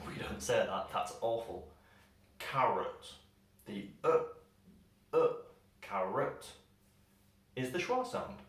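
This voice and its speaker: A man teaching English pronunciation, slowing down and stretching words to show each sound. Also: mid-range voice, fairly bright tone, distant mic. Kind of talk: pronunciation lesson. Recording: very echoey room, voice set back from the mic.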